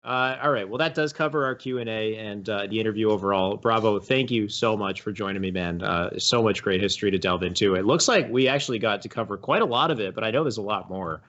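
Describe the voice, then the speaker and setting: A man's voice: lowish voice, fast talker, few pauses, fairly bright tone, muffled recording. A man hosting a show, chatting easily with his guest and laughing often before wrapping up. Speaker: show host. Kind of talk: casual interview and show wrap-up.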